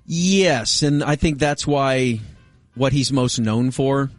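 A man's voice: mid-range voice, slow pace, dry recording, soft background music. A man co-hosting a radio talk show, joking and teasing in casual banter. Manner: jokey, teasing, leads the segment.

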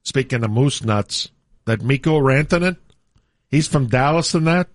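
A man voicing a slow, easygoing male Canadian radio co-host with a put-on Canadian accent and an agreeable drawl. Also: medium pitch, expressive, dry recording, voice pushed down, natural voice.

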